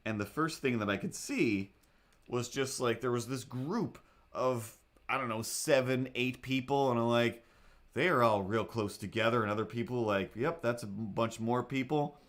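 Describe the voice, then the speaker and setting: A man hosting a livestream who tells a story casually and animatedly, acting out his own thoughts and other people in a higher voice. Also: normal speed, a bit bright. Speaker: livestream host. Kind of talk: casual storytelling while drawing.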